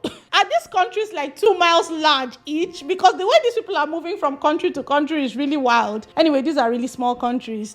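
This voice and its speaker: High-voiced sarcastic woman reviewing a film. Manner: sarcastic and profane, laughing at the film; animated, swings between loud outbursts and muttered asides. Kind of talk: casual spoken film review.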